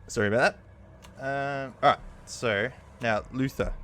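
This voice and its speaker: A man's voice: mid-range voice, unhurried, a bit bright. A man narrating as game master, hesitant and apologetic at times.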